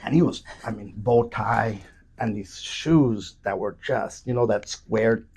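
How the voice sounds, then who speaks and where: A man on a podcast telling profane, animated stories with lots of restarts. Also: fairly low pitch, measured pace, creaky, breathy edge. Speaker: podcast guest. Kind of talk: casual storytelling. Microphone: studio podcast mic.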